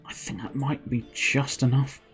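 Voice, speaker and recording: A man's voice: mid-range voice, steady tone, normal speed, a bit bright, faint music behind. A man streaming a game, chatting in a rambling, giggly way with lots of restarts. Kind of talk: casual gameplay commentary.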